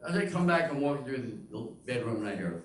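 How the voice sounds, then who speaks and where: A man's voice: mid-range voice, big pitch swings, quick pace. An older man doing a stand-up comedy routine, telling punchy stories and acting out the voices of the people in them. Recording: very echoey room, mic at a distance.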